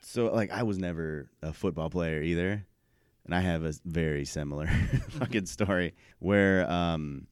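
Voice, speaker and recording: A man co-hosting a podcast, telling stories in relaxed casual chat and laughing often. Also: deep voice, measured pace, smooth, no echo. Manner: laid-back, laughs often. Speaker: podcast co-host.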